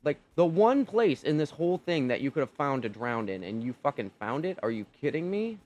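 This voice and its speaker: A man's voice: fairly high pitch, very animated, brisk, a little mellow. A young man commentating his own gameplay, exasperated and incredulous, swearing often. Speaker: gaming channel host.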